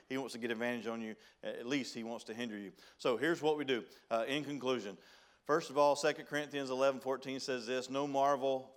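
A man preaching a sermon as pastor, with a Southern country accent, reading scripture in old-style wording and swinging between loud emphasis and hushed pleading. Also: mid-range voice. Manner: folksy preaching, reads King James scripture.

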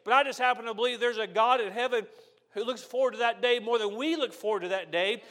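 Male pastor, high voice, sermon delivery; builds from hushed tenderness to loud proclamation, repeats and restarts phrases. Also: fast talker. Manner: preaching, swings from loud declarations to soft tender near-whispers.

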